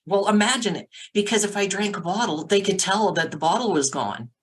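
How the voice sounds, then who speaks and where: A middle-aged woman, a sobriety coach, telling her story as a podcast guest in a lively way, acting out the voices of others and filling her talk with "like". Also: mid-range voice, fairly quick, slightly rough, rough recording. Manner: animated, acts out quotes, many "like" fillers. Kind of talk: casual storytelling interview.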